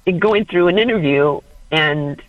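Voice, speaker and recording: A woman calling in to a radio advice show, hesitant and halting, with many pauses and ums. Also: fairly low pitch, dry recording, lo-fi sound. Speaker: caller.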